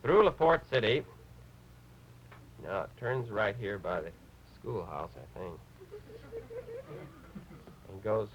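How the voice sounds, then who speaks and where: A man voicing a bumbling male rabbit puppet who gives a lecture, halting and clearing his throat. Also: on the low side, big pitch swings, muffled recording, slight background noise. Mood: flustered. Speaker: puppet character on a TV show.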